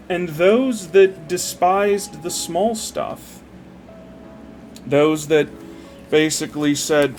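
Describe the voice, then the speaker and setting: A man's voice: fairly high pitch, extremely slow, pauses often, a little mellow, soft background music. A man chatting casually while building a model. He rambles, swears freely and loses his thread as the build distracts him. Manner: meandering, profane, easily distracted by the build. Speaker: model builder retelling a parable.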